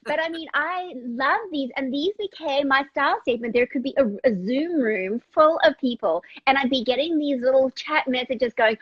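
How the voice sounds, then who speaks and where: A woman with a South African accent, a guest stylist chatting casually and enthusiastically, quick to agree and laugh. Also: sits high, no room sound, lo-fi sound. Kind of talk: casual conversation.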